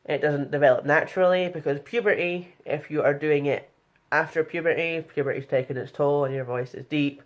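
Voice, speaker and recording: A woman's voice: low-pitched, fairly even intonation, brisk, hardly any pauses. A young woman talking frankly in a casual vlog tutorial, chatty and blunt, with plenty of fillers. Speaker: vlogger.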